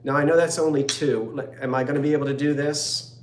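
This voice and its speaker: A man's voice: on the high side, steady tone, quick pace, echoey room. A man in his fifties hosting a live online antique sale, rambling and joking as he reads out viewers' comments. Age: 50s. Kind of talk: chatty live-stream sales talk.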